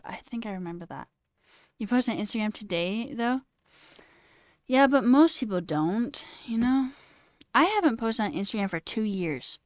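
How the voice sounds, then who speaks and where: A woman's voice: mid-range voice, clear, resonant tone, dry recording, clean studio sound. A woman in her twenties chatting casually on a livestream, ranting with lots of "like" and swearing. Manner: chatty, animated rants, says "like" a lot, swears. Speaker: coding livestreamer. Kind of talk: casual chat while reading stream chat.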